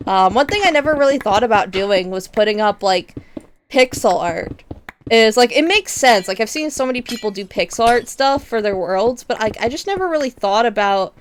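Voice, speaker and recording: A woman's voice: a little high, lively intonation, moderate pace. A woman streamer chatting casually while playing a block-building game, rambling with lots of fillers and frequent giggles. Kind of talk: casual gaming stream chat. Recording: audible background noise.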